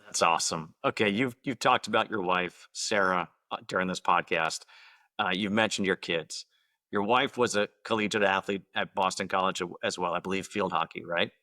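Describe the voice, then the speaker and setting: A man's voice: deep voice, normal speed, bright, forceful tone, dry recording. A man hosting a podcast, asking his guest direct, upbeat questions. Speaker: podcast host. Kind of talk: interview questions.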